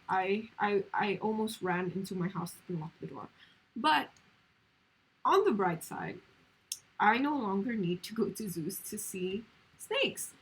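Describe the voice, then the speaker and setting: A woman's voice: mid-range voice, husky, poor audio. A woman streamer telling a story in casual chat, rambling along with lots of fillers.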